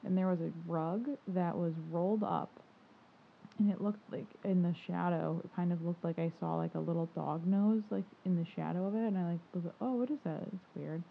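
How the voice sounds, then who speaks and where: A woman's voice: on the low side, steady tone, normal speed, vocal fry. Rambling woman on a tinny line. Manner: rambling, full of "like" fillers, laughs easily. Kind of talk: casual chat. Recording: tinny phone-like line with faint noise.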